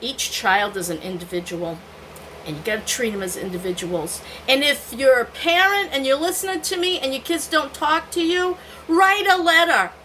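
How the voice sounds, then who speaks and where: A woman's voice: high voice, lively intonation, normal speed, pushed and bright, slight background noise, low-quality recording. An older woman vlogging, telling candid stories from her own life and often laughing at herself. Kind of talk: personal storytelling to camera.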